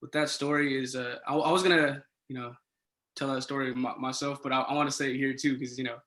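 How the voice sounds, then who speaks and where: A young man, a podcast guest, tells a casual story with animated swings and excited turns of phrase. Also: mid-range voice, fast. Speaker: podcast guest, resident assistant.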